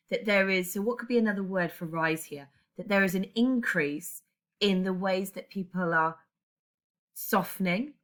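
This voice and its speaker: A woman English teacher with a medium-pitched, pushed, bright voice walks through a grammar lesson step by step. She uses fillers and corrects herself as she goes in this recorded classroom lesson.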